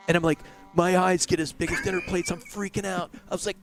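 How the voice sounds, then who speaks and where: A man's voice: high-pitched, quick pace, hardly any pauses, noisy background. A middle-aged man telling a rambling story in a casual interview, full of fillers and restarts. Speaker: race team owner, interview guest.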